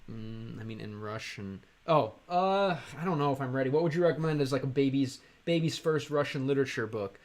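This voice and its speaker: A young American man chatting on a live stream, reading chat aloud and working through halting Russian with lots of fillers. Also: medium pitch. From United States.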